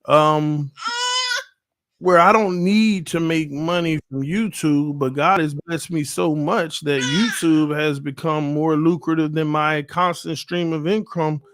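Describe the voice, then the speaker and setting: A man hosting a casual live stream, talking loud and playful with lots of trash talk. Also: on the high side, slow, dry recording, clean studio sound. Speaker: YouTube channel host. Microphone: desk mic, no headphones.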